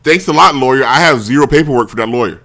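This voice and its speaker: Bright-voiced rambling male storyteller. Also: mid-range voice, fast talker, faint music behind. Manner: rambling, self-interrupting, acts out quoted voices. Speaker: show host. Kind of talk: casual storytelling on a talk show.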